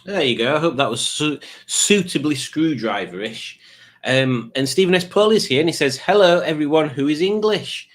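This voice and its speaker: A man's voice: medium pitch, lively intonation, moderate pace, a bit bright. Rambling, wry male live-stream host. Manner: rambling, wry asides with frequent fillers. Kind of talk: casual live-stream chat reading viewer comments.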